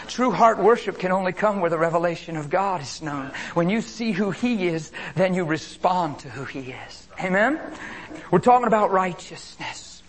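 A man preaching a sermon with passion, dropping to hushed whispers and rising to loud cries, calling out to his congregation. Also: fairly high pitch. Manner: impassioned, swings between hushed whispers and loud exclamations; repeats phrases and calls out to the congregation.

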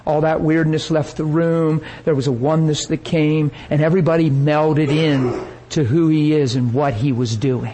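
A man preaching a sermon, telling a story with lively energy and acting out the people he quotes. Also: on the high side, poor audio.

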